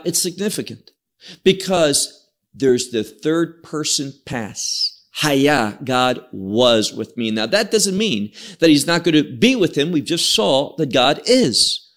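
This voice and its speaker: A man teaching an evening Bible study, who explains the text verse by verse, cites Hebrew words and repeats key words for emphasis. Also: mid-range voice. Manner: expressive, draws out key words and repeats himself.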